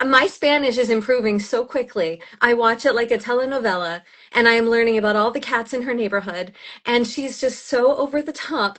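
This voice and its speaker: A woman in her thirties, an audiobook narrator chatting as a guest, animated and gushing, laughing often as she talks. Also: fairly high pitch, brisk. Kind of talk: casual chat.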